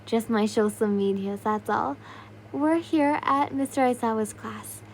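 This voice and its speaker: A woman voicing a kind, apologetic popular teenage boy who speaks gently and reassuringly in a listener audio story. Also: fairly high pitch, measured pace, a little hiss or hum.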